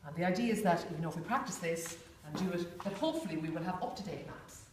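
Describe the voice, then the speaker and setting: Recorded from far off by a room mic in a big, echoey space, with a bit of hiss, a woman runs a group workshop. Her voice is on the low side, a little mellow and expressive, and she talks fast. Her style is casual and chatty, full of "you know"s and playful impressions.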